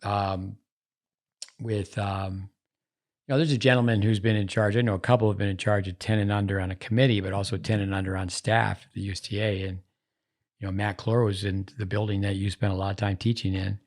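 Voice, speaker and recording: He hosts a podcast and chats casually, letting one story lead loosely into the next. His pitch is fairly low and his tone level, at a fairly quick pace.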